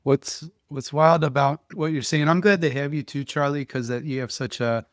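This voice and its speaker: A man hosting a podcast who tells stories in an animated, casual way, often restarting his sentences. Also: a little high, moderate pace, no echo, studio quality. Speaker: podcast host. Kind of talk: casual conversational storytelling.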